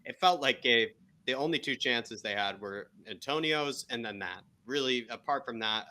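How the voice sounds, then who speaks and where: A man's voice: lowish voice, sharp tone. A man co-hosting a live football watchalong, exasperated, exclaiming and repeating himself about the defending. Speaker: co-host. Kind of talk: live match watchalong commentary.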